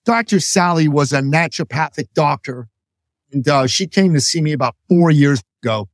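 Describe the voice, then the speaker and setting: A man's voice: a little high, lively intonation, normal speed, no room sound, clean studio sound. A man who is an author, a guest on a business podcast, explaining ideas in a confident, upbeat coaching manner. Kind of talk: interview answer, explaining concepts.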